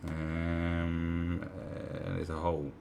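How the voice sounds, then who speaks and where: A man with a very low voice rambles through sarcastic opinion commentary, circling back with fillers and asides. His recording carries a faint hiss underneath. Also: completely flat delivery, takes it slowly, vocal fry, a little mellow.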